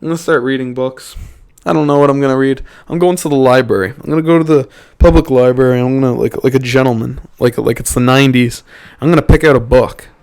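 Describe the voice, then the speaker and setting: A man's voice: mid-range voice, fast talker, hardly any pauses, darkish tone, smooth. A young man from Canada hosting a casual solo podcast, rambling and profane, often cutting himself off and restarting. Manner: rambling, profane, self-interrupting. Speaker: podcast host.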